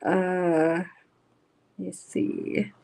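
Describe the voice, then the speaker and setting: A woman chatting slowly and unhurriedly on a home livestream. She reads chat messages aloud, talks bluntly and swears freely. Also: fairly low pitch, level tone, creaky, a little mellow. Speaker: livestream host. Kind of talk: casual live-stream chat.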